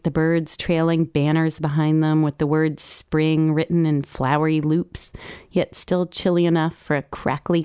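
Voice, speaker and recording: A woman reads her own personal essay aloud with wry, gentle humor in a low, smooth voice. Each word is clear and even. The recording is dry and close, with no room sound. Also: dry recording. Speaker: blog writer reading her own entry.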